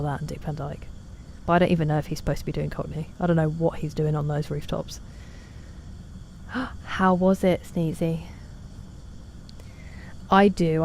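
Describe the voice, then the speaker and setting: A woman chats through a game stream, talking to her viewers and teasing herself. Her voice sits low and mellow, with a faint hiss underneath. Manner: chatty, self-deprecating, reads out chat messages. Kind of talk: casual gaming stream chat.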